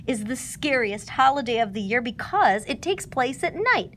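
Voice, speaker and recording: A kind, eager young storybook boy, read by a woman. He explains patiently and excitedly, in a slightly raised, lively voice. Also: fairly high pitch, normal speed, a little hiss or hum.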